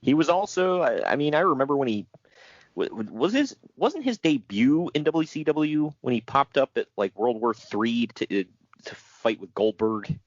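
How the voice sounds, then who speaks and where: A man talks through old wrestling news in a casual podcast chat. His pitch swings widely, and he slips into sarcasm and laughter. The audio is dry and a little dull, as if from a modest home setup. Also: moderate pace, no echo. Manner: animated, sarcastic, laughs often. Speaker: podcast co-host.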